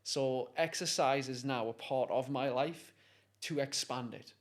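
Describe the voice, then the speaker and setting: A man tells a story as a guest in a conversation. He is animated and pulls listeners in, with a middle-pitched voice. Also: unhurried. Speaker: guest, motivational speaker.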